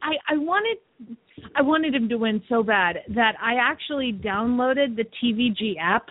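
A woman co-hosting a radio show, telling an emotional story in a lively, laughing way. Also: fairly high pitch, moderate pace, no room sound. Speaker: radio co-host. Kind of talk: casual radio chat. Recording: tinny phone-like line.

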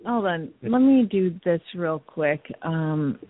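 Excitable woman on a tinny line. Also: fairly low pitch, slow. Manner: excitable, emotional, laughing storyteller. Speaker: radio co-host. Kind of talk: casual radio chat.

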